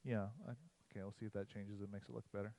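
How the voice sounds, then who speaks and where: A man's voice: lowish voice, flat delivery, very fast, creaky, dark tone, a little hiss or hum, rough recording. A man on a church livestream casually telling a hunting story and a joke, rambling and chatty. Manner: rambling, uses "like" often, chatty.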